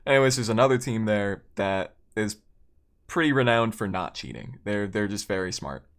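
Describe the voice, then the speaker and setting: A man's voice: on the low side, animated, normal speed, a bit bright. A man streaming a game and telling a long story in a loose, rambling way, correcting himself often and chuckling between lines. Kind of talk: casual storytelling while gaming.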